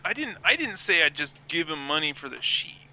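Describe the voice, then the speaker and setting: A man's voice: fairly high pitch, big pitch swings, normal speed, bright, forceful tone, a little hiss or hum, poor audio. A man playing a tabletop game, haggling and insistent, laughing often. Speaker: player. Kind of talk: casual tabletop play.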